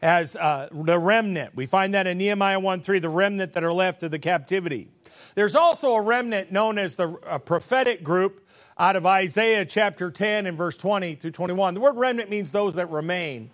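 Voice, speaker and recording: A man delivers a sermon in a notably high-pitched voice. He preaches in an earnest, folksy way, often stumbling and restarting his phrases as he retells scripture. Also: normal speed, fairly bright tone.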